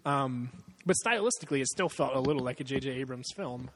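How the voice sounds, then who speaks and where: A man's voice: mid-range voice, fast talker, big-room sound. A man in a casual movie chat, rambling and swearing a lot, often breaking into laughter.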